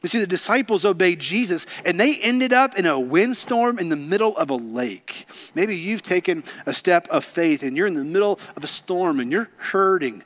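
A man preaching a sermon, swinging from loud exclamations to hushed whispers with slow, deliberate emphasis. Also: high voice, animated. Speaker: pastor.

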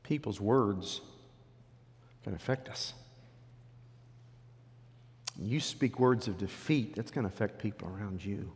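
A man's voice: on the low side, normal speed. A male pastor preaching a sermon and storytelling with animation, speaking directly to the congregation. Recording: long hall reverb.

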